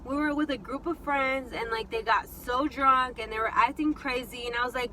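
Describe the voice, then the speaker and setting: A young woman telling a story casually while eating, chatty and animated with lots of fillers. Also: sits high, normal speed, a little hiss or hum, poor audio. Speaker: vlogger.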